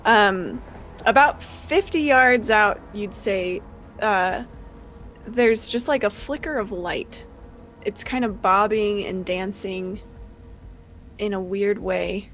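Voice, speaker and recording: A woman running a tabletop game as game master, narrating in a relaxed way with many fillers. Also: mid-range voice, slow pace, a little hiss or hum, rough recording.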